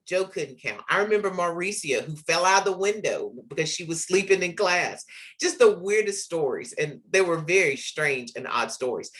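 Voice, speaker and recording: This forties-aged literacy educator and podcast host has a voice on the high side with a fairly bright tone. He reflects on personal experiences earnestly, dropping in a filler word here and there.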